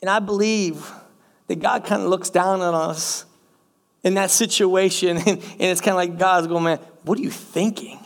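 A man's voice: sits high, steady tone, normal speed, vocal fry. A middle-aged male pastor preaching a sermon, calling the congregation "church" and repeating phrases for emphasis. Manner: speaks directly to the congregation as church.

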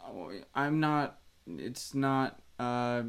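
A young man co-hosting a podcast with his wife, speaking in a casual, halting way. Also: medium pitch, animated, clean tone. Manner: hesitant, halting. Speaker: podcast co-host. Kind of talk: casual chat.

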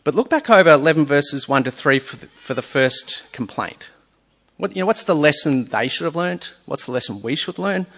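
In a church or hall with a screen, a man preaches a sermon, reading scripture aloud between explanations and posing earnest rhetorical questions to his listeners. His voice is on the high side and fairly bright, with lively intonation at a normal speed.

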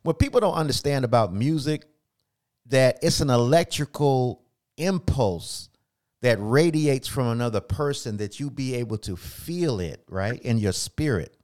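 A man's voice: medium pitch, expressive, a little slow, darkish tone. A man hosting a gospel radio interview, enthusiastic and emphatic, preaching a little as he talks and often repeating himself. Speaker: radio host.

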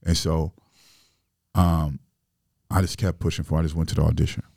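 A man's voice: extremely low pitch, level tone, brisk, creaky, darkish tone, no echo, clean studio sound. A man from Illinois, a podcast guest, telling his life story in loose, profane street talk full of fillers. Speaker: interview guest.

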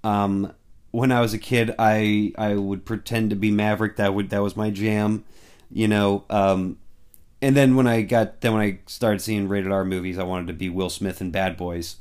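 Excitable man ranting about movies. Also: fairly low pitch, normal speed, clean tone. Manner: excitable, gets worked up, many fillers. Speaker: movie fan vlogger. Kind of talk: casual chat about upcoming films.

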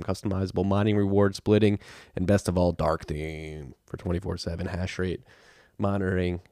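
A man with a very low voice that barely rises or falls reads sponsor spots in a loose, offhand manner, stopping to spell out web addresses. The sound is dry and close, with no room around it. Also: a little mellow, no echo. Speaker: podcast host reading sponsor ads. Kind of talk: casual ad read.

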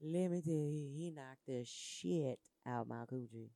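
A slangy, blunt woman with a fairly low voice hosts a loose, casual chat. She laughs between her lines. The recording is dry and close. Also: measured pace, vocal fry, warm tone, no echo.

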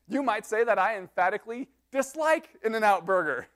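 A man with a notably high voice preaches to his congregation. He teaches through a psalm point by point and breaks it up with light joking asides. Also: expressive, a little fast, few pauses, fairly bright tone. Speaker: pastor. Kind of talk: sermon.

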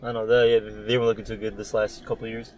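A man's voice: fairly low pitch, little pitch movement, fast talker, darkish tone, highs cut off, slight background noise. Profane, rambling young man chatting. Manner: profane, rambling, loose storytelling. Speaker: podcast co-host. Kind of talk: casual chat.

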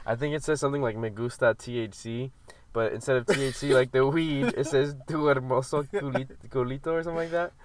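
A man's voice: medium pitch, steady tone, fast talker, slight background noise. A man co-hosting a podcast, talking in a laid-back, casual way with lots of "like" and "bro.". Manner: laid-back, explains things with fillers like "like" and "bro". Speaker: podcast co-host. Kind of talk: casual chat.

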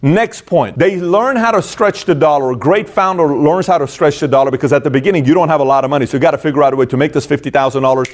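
A man's voice: fairly high pitch, fast, hardly any pauses. A man hosting a motivational business talk, speaking emphatically, repeating phrases and acting out people's inner dialogue. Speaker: host.

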